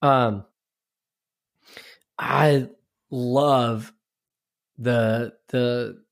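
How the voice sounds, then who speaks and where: A man's voice: mid-range voice, steady tone, very slow, gravelly. A man in casual chat, laughing as he acts out lines from favorite sitcom scenes.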